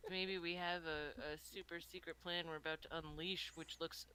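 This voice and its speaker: A woman's voice: on the low side, fairly even intonation, normal speed, pushed and bright, a little hiss or hum, poor audio. A woman chatting casually among friends, self-mocking and talkative. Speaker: player. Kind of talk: casual chat.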